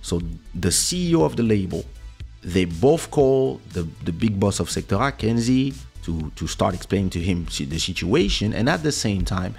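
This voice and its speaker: A man's voice: lowish voice, very animated, moderate pace, gravelly, a little mellow, slightly rough, faint music behind. A man hosting a podcast, telling a story casually and acting out other people's lines with big jumps in his voice, on a studio mic. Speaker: podcast host.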